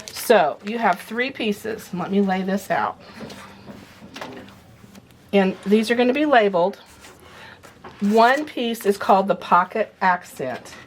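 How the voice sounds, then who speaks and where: A woman's voice: medium pitch, slight background noise. A woman giving a casual sewing demonstration, chatting as she explains each step while she handles the materials. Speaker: sewing instructor.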